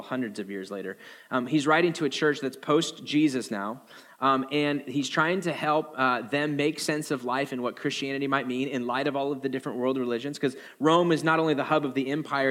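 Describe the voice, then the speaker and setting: A man preaching a sermon as a pastor, animated and jokey, acting out quoted voices in a higher pitch.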